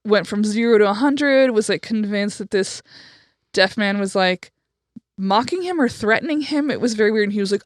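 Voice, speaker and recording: Woman, podcast co-host, smooth clear voice, close dry mic, casual storytelling, frank and chatty. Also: medium pitch, moderate pace, fairly bright tone, no room sound. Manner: chatty, frank, with frequent fillers and profanity.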